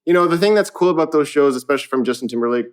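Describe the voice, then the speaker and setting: A young man from Canada, a musician guest in a casual interview, telling animated stories with frequent laughter and casual swearing. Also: a little high, rapid-fire, clean tone.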